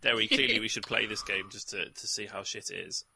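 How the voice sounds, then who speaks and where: A man's voice: fairly low pitch, steady tone, fairly quick, gravelly, a crowd in the background. A young man on a casual gaming podcast, wry and mocking. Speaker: podcast co-host.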